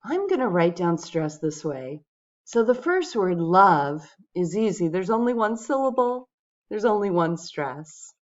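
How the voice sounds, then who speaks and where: A woman teaching English pronunciation, speaking patiently and clearly to her viewers. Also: lowish voice, very animated, a little slow, muffled recording. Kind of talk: pronunciation lesson.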